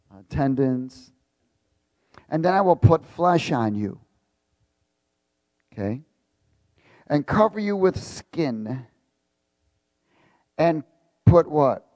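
A man's voice: mid-range voice, sing-song, very slow, pauses often, darkish tone, dry recording. A male preacher reading scripture aloud in a sermon, stopping often to quiz the congregation and repeating key words with emphasis. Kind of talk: sermon with call-and-response.

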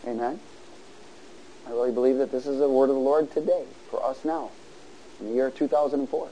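A man preaching a sermon, asking the congregation to answer and building to loud exhortation. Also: mid-range voice, fairly even intonation, fairly quick, a little hiss or hum, rough recording. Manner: call-and-response, rising to loud exhortation.

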